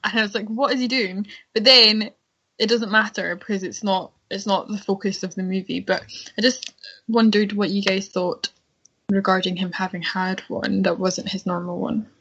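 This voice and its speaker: A woman's voice: mid-range voice, level tone, normal speed, bright, forceful tone, husky. Frank woman on a lo-fi podcast. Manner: chatty, frank, restarts often. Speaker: podcast co-host. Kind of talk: casual film discussion. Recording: dull lo-fi podcast audio.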